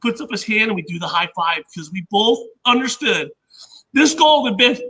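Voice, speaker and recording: Squeaky, very high-voiced man telling stories. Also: animated, normal speed, sharp tone, breathy edge, poor audio. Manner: rambling anecdotes, acting out others' remarks. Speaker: podcast guest, inventor and engineer. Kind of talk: casual storytelling chat.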